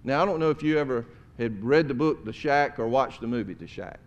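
A pastor preaches to his church in a plain, folksy, conversational way. His voice sits at an ordinary middle pitch, and he often sinks into a soft, tender hush to press a point home. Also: expressive, a little fast, lo-fi sound. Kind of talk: sermon. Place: church sanctuary.

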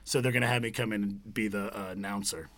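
A young man, a voiceover performer, chatting casually and telling animated stories. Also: fairly low pitch, fast talker. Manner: animated storyteller, breaks into announcer voices. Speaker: podcast guest, voiceover performer. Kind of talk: casual chat.

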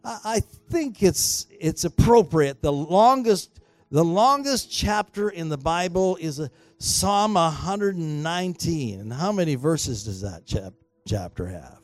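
A man preaching a sermon as pastor in a church, emphatic and swinging between quiet and loud exhortation, urging the congregation to respond. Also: fairly high pitch, lively intonation, unhurried, no echo. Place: church sanctuary.

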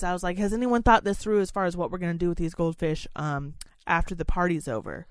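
A woman's voice: on the low side, quick pace, fairly bright tone, no echo. A young adult woman telling a story in a casual, angry rant, swearing freely and dramatizing it. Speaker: podcast co-host telling a story.

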